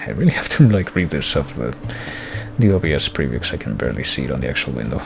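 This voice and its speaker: Gravelly, wry male streamer. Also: extremely low pitch, very animated, quick pace, soft background music. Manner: wry, rambling, chuckling asides. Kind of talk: casual game commentary.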